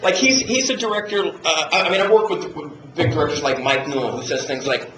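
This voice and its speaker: A man's voice: on the high side, a little fast. A man telling stories at a fan Q&A, swearing freely and laughing as he imitates people. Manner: profane, animated, laughing through impressions. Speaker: actor answering audience questions. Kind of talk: casual convention Q&A storytelling. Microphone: handheld camcorder from the audience. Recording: echoey room on a camcorder, ambient noise.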